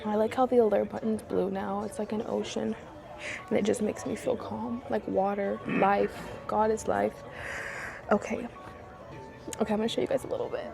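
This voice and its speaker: A young woman in her twenties vlogging casually, emotional and excitable, gushing over her new app. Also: mid-range voice, moderate pace, creaky, over music. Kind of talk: casual vlog chat.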